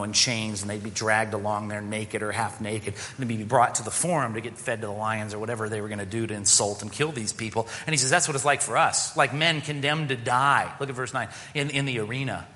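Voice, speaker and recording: A man preaching a sermon as pastor, animated and sarcastic, acting out the voices he quotes. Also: medium pitch, in a large hall.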